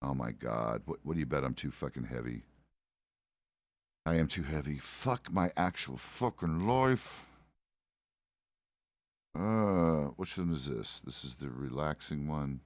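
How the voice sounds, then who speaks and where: A man's voice: a bass voice, measured pace, long pauses, dry recording, clean studio sound. A middle-aged man streaming a game, chatting casually in a grumpy, swearing, complaining way. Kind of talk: casual live-stream chat while gaming.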